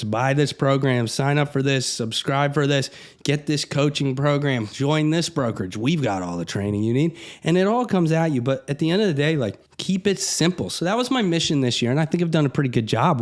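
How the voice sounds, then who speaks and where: A man's voice: medium pitch, a little mellow. A middle-aged man, a real estate broker, giving a blunt, conversational pep talk to camera. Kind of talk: motivational vlog talk.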